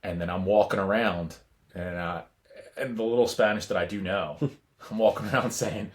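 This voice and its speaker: A man co-hosting a podcast, chatting casually and telling a halting, rambling story full of restarts. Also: on the low side. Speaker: podcast co-host. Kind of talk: casual chat.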